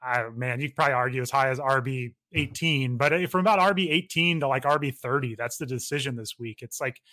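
Bright, dry-voiced male podcast co-host. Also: mid-range voice, no echo. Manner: quick, conversational analysis with frequent restarts. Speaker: fantasy football podcast co-host. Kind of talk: casual podcast chat.

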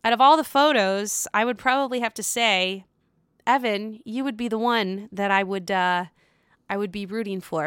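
Gossipy woman with a bright, clear voice. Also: moderate pace, no echo, clean studio sound. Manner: gossipy, profane, animated with sudden high squeals. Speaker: reality TV recap vlogger. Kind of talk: casual recap chat.

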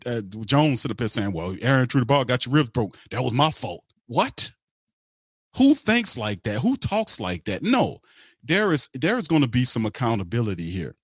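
A middle-aged man hosts a sports podcast, ranting bluntly and heatedly with plenty of swearing and repetition. His mid-range voice is a bit bright, and the recording has no echo.

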